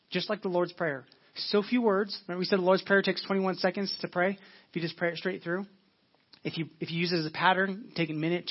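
A man preaching a sermon as pastor, earnest, repeating phrases for emphasis and slowing down when reading scripture. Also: high-pitched, breathy edge, muffled recording.

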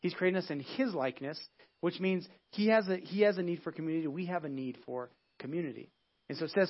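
A man's voice: a little high, fast. Man preaching a casual sermon, lo-fi. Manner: conversational, frequent "right?" and restarts. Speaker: pastor. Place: church sanctuary.

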